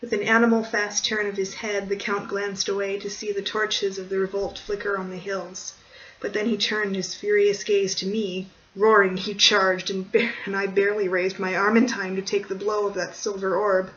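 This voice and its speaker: A reader narrating a gothic horror short story in a measured, even way, at a middling pitch. The recording is dull and a little distant, with a faint hiss underneath.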